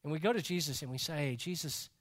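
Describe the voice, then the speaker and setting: A man preaching a sermon in an earnest manner, repeating key phrases and dropping to a hushed voice when he quotes others. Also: on the high side, animated, quick pace.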